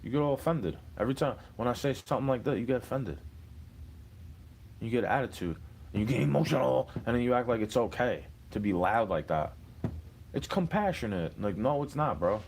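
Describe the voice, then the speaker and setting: A man's voice: medium pitch, expressive, a little fast, gravelly, darkish tone, a little hiss or hum. A young adult man delivering an angry, profane monologue, confronting an imagined listener. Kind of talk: ranting monologue.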